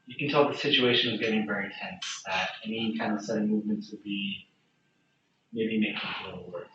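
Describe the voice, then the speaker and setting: A man narrating a tabletop game as game master in a relaxed, casual way. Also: on the low side, brisk, a little hiss or hum. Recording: echoey, distant, dull room recording.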